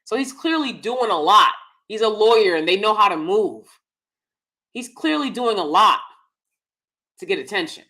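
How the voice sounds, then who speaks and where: A woman's voice: mid-range voice, animated, moderate pace, pauses often, bright, forceful tone. A woman hosting a live-stream commentary, talking straight to her viewers in an emphatic, chatty way and repeating her key phrases for stress. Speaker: host.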